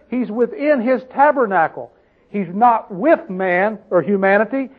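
A man preaching a Bible-teaching sermon, often asking his listeners questions and slowing down to stress the scripture he quotes. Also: extremely high pitch. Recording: tinny phone-like sound.

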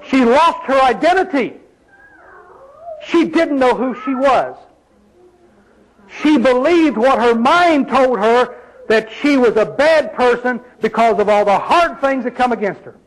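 High-voiced folksy preacher man. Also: expressive, unhurried, low-quality recording. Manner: emphatic, folksy preaching with rhetorical questions. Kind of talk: sermon.

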